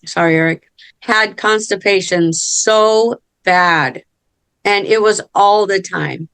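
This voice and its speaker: A woman's voice: medium pitch, slow, fairly bright tone, clear, resonant tone, no room sound. Middle-aged woman, chatty storyteller, casual podcast talk, dry sound. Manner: chatty storyteller, acts out quotes. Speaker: co-host.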